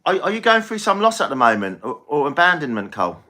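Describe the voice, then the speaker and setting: A man's voice: fairly high pitch, big pitch swings, fast, bright, forceful tone. A man giving a live-stream tarot reading, chatty and reassuring, often repeating himself. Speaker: tarot reader.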